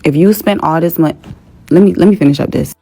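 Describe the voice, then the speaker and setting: Low-voiced woman venting a storytime rant. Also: a little fast, vocal fry, mellow, husky, soft background music. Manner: profane, exasperated. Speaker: influencer telling a story.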